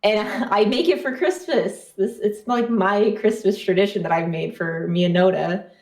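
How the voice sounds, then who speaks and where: A woman's voice: medium pitch, moderate pace, darkish tone. A young woman co-hosting a podcast in easygoing casual chat, laughing often. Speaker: podcast co-host. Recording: roomy echo.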